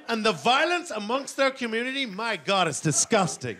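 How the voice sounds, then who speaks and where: A middle-aged man doing stand-up comedy on stage, rambling and self-mocking, now and then bursting into shouted voices. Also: very high-pitched, very animated, brisk, hardly any pauses, some chatter behind. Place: comedy stage before a laughing audience.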